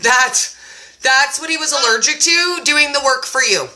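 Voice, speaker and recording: A woman's voice: high voice, moderate pace, a crowd in the background. A woman hosting a casual live chat, talking in a chatty, joking way. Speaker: host.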